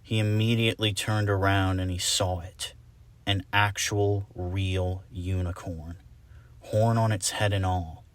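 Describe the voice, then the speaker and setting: A man reading a fan-made storybook aloud, slow, soft and deliberate. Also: low voice, steady tone, dry recording. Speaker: audiobook reader. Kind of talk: storybook narration.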